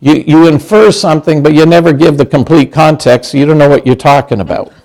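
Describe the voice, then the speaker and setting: Older male pastor in his sixties, slightly high voice; chatty, humorous sermon delivery with acted-out quotes. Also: fairly quick, gravelly, darkish tone. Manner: conversational, humorous, acts out quoted lines.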